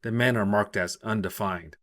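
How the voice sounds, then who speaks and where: A man narrating a short story in a steady, even storytelling manner. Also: on the low side, moderate pace. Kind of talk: scripted narration.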